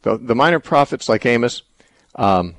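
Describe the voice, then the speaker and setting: A man hosting a radio call-in show, explaining a Bible passage in a thoughtful, halting way full of fillers and restarts. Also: mid-range voice, lively intonation, no echo.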